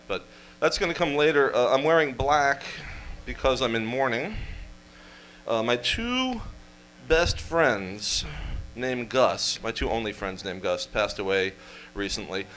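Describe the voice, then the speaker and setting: A man giving a comic history talk to a live audience, full of wry deadpan asides and quick jokes. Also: fairly low pitch, rough recording. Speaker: storyteller presenter. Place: event room with live audience.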